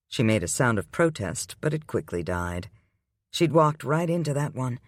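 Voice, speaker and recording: A man giving the scripted, unhurried narration of a romance audiobook. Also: mid-range voice, big pitch swings, no room sound, clean studio sound.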